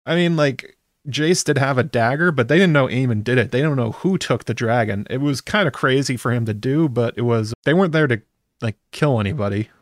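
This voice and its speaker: A man chats wryly through a casual episode recap, now and then dropping a swear word. His mid-range voice moves fairly quickly, with clean studio sound and no room echo.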